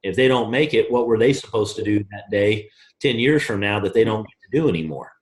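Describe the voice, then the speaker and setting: A man from the US East Coast leading a team call, blunt and emphatic, coaching in a casual, forceful way. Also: on the low side, fairly quick. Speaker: network marketing team leader. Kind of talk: motivational call talk.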